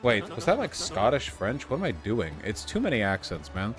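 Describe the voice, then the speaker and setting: A man's voice: on the low side, huge pitch swings, normal speed, few pauses, fairly bright tone, faint music behind. Sarcastic, profane male streamer. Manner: sarcastic and profane, reacting to chat. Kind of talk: casual let's-play commentary.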